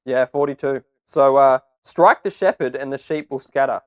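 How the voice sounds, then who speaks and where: A man's voice: medium pitch, normal speed, no echo, muffled recording. A man co-hosting a casual podcast, easily amused, reading passages aloud and repeating his reactions. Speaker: podcast co-host.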